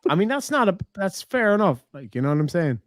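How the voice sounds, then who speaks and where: A man's voice: sits high, very animated, fast talker, no echo. Irish man, livestream chat, teasing, frequent swearing, dry sound. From Ireland. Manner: swears a lot, teasing banter. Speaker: streamer.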